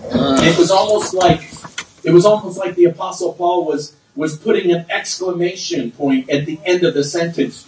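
A middle-aged man preaching a sermon, swinging between low asides and loud, high exclamations. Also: slight background noise. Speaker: pastor. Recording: roomy sound from far off.

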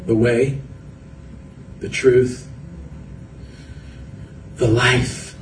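A man's voice: mid-range voice, flat delivery, drawn-out words, reverberant, recorded from a distance, a little hiss or hum, low-quality recording. A man preaching a sermon as pastor, earnest and building through repeated phrases. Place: church hall.

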